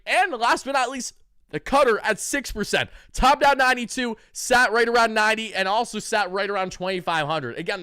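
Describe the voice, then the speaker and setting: A man's voice: high-pitched, bright, forceful tone, smooth, dry recording, studio quality. A brash young man hosting fan reaction commentary on a sports channel, hyped and trash-talking. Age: young adult.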